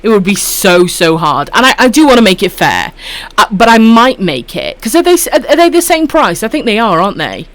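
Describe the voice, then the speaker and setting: A woman's voice: medium pitch, very animated, a little fast. A woman with a Welsh accent chatting casually on a live stream while gaming, swearing freely and calling viewers love and sweetheart. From Wales.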